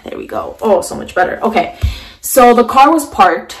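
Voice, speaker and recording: A woman's voice: on the high side, lively intonation, moderate pace. A young woman vlogger telling a frightening personal story as a storytime vlog, full of fillers and restarts, her voice shaky and emotional, sitting on the floor at home and talking to a camera mic.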